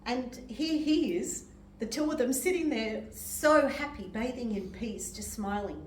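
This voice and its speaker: An older woman preaches gently from a distance, her voice bouncing around an echoey hall. She shares personal testimony with emotion and laughs often as she speaks. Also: fairly high pitch, a little slow, hardly any pauses, slight background noise. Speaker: medium and reverend. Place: church hall.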